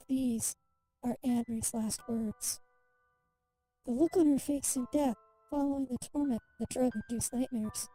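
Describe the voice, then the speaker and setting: A woman with a high-pitched yet dark, mellow voice reads a story aloud at a measured pace. Faint music plays quietly beneath her narration. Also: poor audio. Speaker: streamer. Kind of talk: reading a game story aloud.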